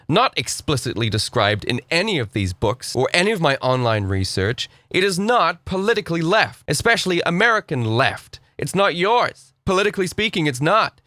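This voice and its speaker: A man's voice: on the high side, a bit bright, dry recording, studio quality. A young man delivering an indignant, profane opinion rant to camera, lecturing his audience. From Britain. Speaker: vlogger.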